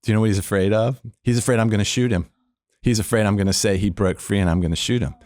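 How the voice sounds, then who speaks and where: A man's voice: lowish voice, fast, no room sound, clean studio sound. A middle-aged man, a former police officer, telling a story of faith as a podcast guest and acting out the voices in it. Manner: animated storyteller, acts out quoted voices. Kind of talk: storytelling testimony.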